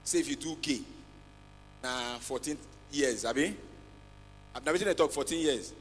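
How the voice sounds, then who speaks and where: A man with a Nigerian accent doing a stand-up comedy routine on a big festival stage, switching between Pidgin and English with loud acted outbursts. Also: mid-range voice, moderate pace. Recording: long hall reverb, faint music.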